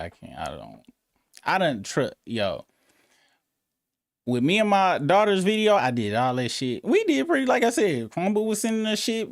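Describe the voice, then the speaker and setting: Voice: mid-range voice, no echo, studio quality. A live-stream host in casual, profane, rambling chat, breaking into incredulous outbursts.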